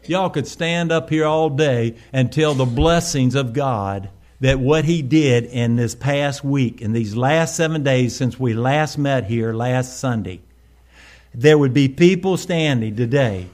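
A male pastor, preaching a sermon with sudden swells in volume and slowed, stressed phrases. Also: medium pitch, darkish tone.

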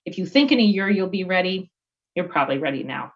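A woman's voice: lowish voice, lively intonation, fast talker. Reflective middle-aged woman, lo-fi sound. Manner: reflective, many fillers and restarts. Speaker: guest executive. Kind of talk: candid interview answer.

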